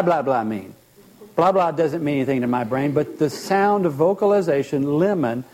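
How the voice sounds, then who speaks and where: A man teaching as a therapist, animated, often acting out short bits of dialogue and repeating words as he explains. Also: a little high.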